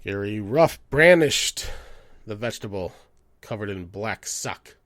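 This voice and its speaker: A man hosting a show, ranting in a profane comedic way and swinging between loud outbursts and low mutters. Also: lively intonation, a little slow, no echo, studio quality. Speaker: podcast host.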